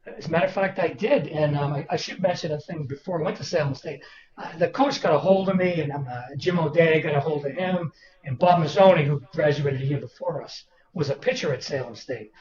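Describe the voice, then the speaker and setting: A man's voice: a little high, fairly quick. Older man telling stories. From Boston, Massachusetts. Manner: animated anecdotal storyteller, acts out quoted people. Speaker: author guest. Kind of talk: storytelling interview. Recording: roomy distant dull sound with crowd behind.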